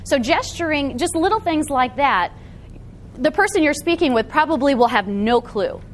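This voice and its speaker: A woman presenting to a live audience in a meeting room, her fairly high voice swinging widely up and down. She keeps things animated and checks in with the room again and again. A faint hiss sits under her voice. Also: normal speed. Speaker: workshop presenter. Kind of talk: live seminar talk to an audience.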